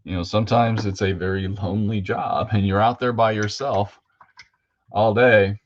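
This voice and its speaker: A man hosts a live model-painting stream, chatting in a loose, rambling way with plenty of fillers. His voice is low and deep. The audio is dull and lo-fi. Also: steady tone, normal speed, slight background noise. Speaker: host of a live hobby painting show. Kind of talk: casual livestream chat while painting models.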